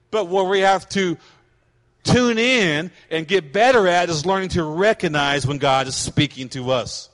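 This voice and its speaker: A middle-aged man delivers a sermon from the pulpit, his voice sitting high for a man. He preaches with animation, slipping into the voices of the people he talks about. The sound rings with the long reverb of a church hall. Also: fairly bright tone. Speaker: pastor.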